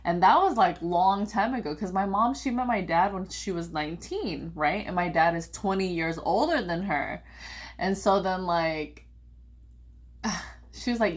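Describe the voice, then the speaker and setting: A young woman telling a personal family story in a casual, rambling way, full of "like" and animated quotes of her parents. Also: on the low side, a little slow. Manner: rambling, heavy use of "like", animated quoting of family.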